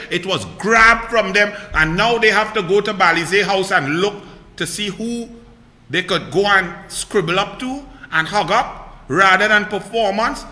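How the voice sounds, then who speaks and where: A Trinidadian man delivering an indignant political rant, sarcastic and heated, often climbing into shouts. His voice sits high and sounds sharp and tense. It echoes through a room with a long reverb tail. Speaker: political commentator.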